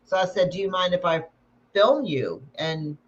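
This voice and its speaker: A woman's voice: lowish voice, moderate pace. A woman who is a paranormal investigator, casually telling a story and acting out each person's lines. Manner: animated storyteller acting out dialogue. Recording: dull lo-fi sound with faint noise.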